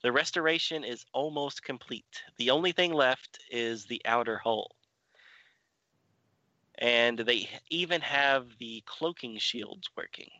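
A man's voice: mid-range voice, measured pace, sharp tone, no echo, highs cut off. A man retelling a comic book story and then chatting about it with friends on a podcast. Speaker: podcast co-host. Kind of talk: comic book recap and discussion.

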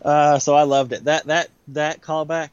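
A man co-hosting a podcast, chatting casually and enthusiastically, quick to agree. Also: on the high side, little pitch movement, clear, resonant tone, dull audio. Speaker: podcast co-host. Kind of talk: casual chat.

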